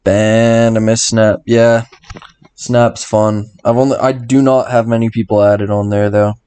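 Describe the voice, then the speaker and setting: A man's voice: lowish voice, flat delivery, measured pace, mellow, smooth. Sleepy young man on a late-night stream. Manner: loose, swearing, chuckling to himself. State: sleepy and tired. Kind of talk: casual late-night livestream chat.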